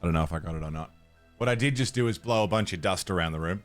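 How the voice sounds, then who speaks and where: Over faint background music, an Australian gamer talks in rapid-fire bursts with a voice that sits low. His stream chat is casual and full of swearing, laughter, and rambling restarts.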